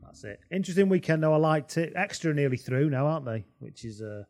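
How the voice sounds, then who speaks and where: A man's voice: a little high, lively intonation, fast, darkish tone. A man co-hosting a podcast in casual, joking chat with some swearing. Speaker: podcast co-host.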